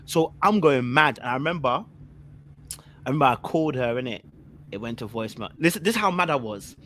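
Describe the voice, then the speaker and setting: Animated man telling a story. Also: mid-range voice, moderate pace. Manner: animated, repetitive, slangy storyteller. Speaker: podcast panelist. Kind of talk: casual storytelling.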